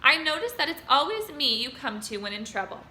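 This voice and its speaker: A lazy, self-pitying rat who grumbles and mocks with heavy sarcasm, put on by a woman. His loud, bright complaints echo in a roomy space. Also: sits high, very animated, fairly quick, exaggerated voice. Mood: mocking. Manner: sarcastic, mocking, growling.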